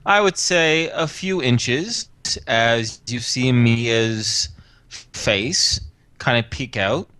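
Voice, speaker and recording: A man narrating a tabletop game as game master, relaxed with fillers. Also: mid-range voice, drawn-out words, clean tone, dry recording.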